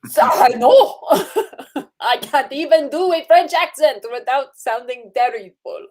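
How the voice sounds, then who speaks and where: A woman's voice: high voice, a little slow, a little mellow, poor audio. A woman hosting a casual chat about films, chatty and laughing often. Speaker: host.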